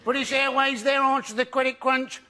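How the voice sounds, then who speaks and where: Comedian man with a very high voice doing a deadpan stand-up bit, noisy studio. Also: a little fast. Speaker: comedian panelist. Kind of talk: stand-up routine.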